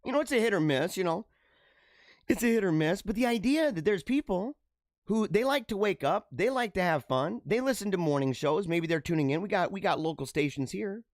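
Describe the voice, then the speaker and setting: Animated slangy male podcast host. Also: high-pitched, brisk, no echo, studio quality. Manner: animated, slangy, laughs often. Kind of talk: casual news commentary.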